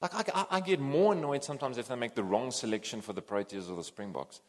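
A man preaching a sermon, animated and emphatic, swinging between loud and soft. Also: medium pitch, quick pace. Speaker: pastor.

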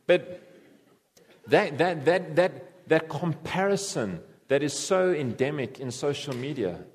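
A man preaching a conversational sermon to a congregation, animated and repetitive, with sudden jumps in pitch. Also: slow, husky.

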